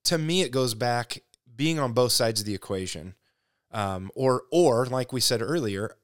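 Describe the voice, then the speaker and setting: A man co-hosts a casual faith podcast, speaking in an earnest, reflective way as he thinks aloud. His voice sits at an ordinary pitch. The recording is close and dry. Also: expressive, a little slow, no room sound. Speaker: podcast co-host.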